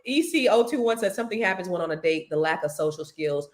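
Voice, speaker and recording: A middle-aged woman from California chats as a co-host, teasing her partner and laughing often. Her pitch swoops and climbs with a lively, animated sweep. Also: quick pace. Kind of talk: casual chat.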